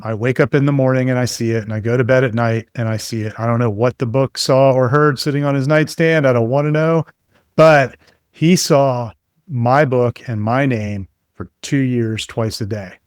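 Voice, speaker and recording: A man being interviewed as a guest expert, telling relaxed anecdotes full of fillers in a conversational way. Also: mid-range voice, no room sound, clean studio sound.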